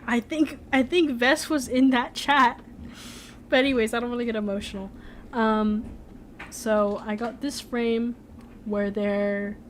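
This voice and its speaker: A woman's voice: mid-range voice, a little hiss or hum. A young woman streamer chatting casually, rambling with lots of "like" and "um". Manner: rambling, full of "like" and "um". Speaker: streamer, animator. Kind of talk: casual live-stream chat.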